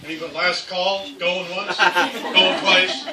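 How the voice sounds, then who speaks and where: A man wrapping up a memorial gathering with jokes, jovial and lively. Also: high voice, slow pace. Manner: jovial, joking. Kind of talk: informal announcements at a memorial. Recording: echoey room, distant mic, loud crowd and noise. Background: chatting crowd.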